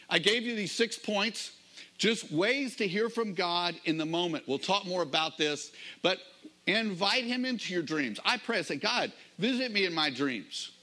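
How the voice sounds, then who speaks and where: Middle-aged male pastor, slightly high, bright voice; chatty sermon with stories, slows on key phrases. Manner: conversational storytelling, varied emphasis, slows for key phrases.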